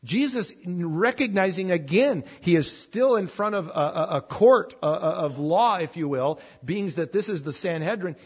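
A man's voice: high-pitched, animated, moderate pace, hardly any pauses, husky, muffled recording. A man preaching a sermon in an informal, conversational way, acting out the voices in the scripture stories. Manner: conversational, acts out scripture dialogue.

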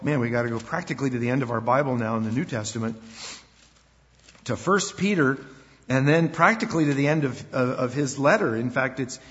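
An older man, a pastor, preaching a sermon in an animated way, acting out quoted voices and often repeating words. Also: mid-range voice, a little fast. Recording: dull sound with long hall reverb.

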